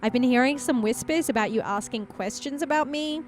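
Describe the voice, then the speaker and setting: An anxious young woman, as a woman voices her in a video game playthrough, protective and urgent. Her pleading voice sits high and light. She presses every point with insistent repeats. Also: brisk, lightly acted. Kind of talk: let's play character voicing.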